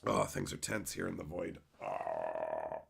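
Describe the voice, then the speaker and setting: A man chatting casually with his livestream viewers, crude and joking, swearing freely as he tells animated bits. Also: low-pitched, a little fast, gravelly, husky. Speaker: streamer answering chat.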